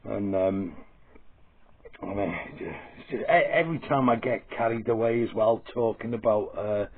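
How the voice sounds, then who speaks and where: A man's voice: lowish voice, a little slow, slight background noise. A man ranting profanely and aggressively to camera in a crude satirical comedy vlog. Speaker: comedy vlogger. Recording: tinny phone-like audio.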